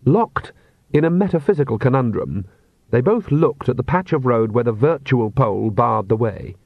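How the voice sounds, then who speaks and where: A man reads a comic fantasy story in a measured, dry manner. His voice is of middling pitch. The recording is dry and somewhat dull. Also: animated, gravelly, no echo. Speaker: audiobook narrator. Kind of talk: scripted narration.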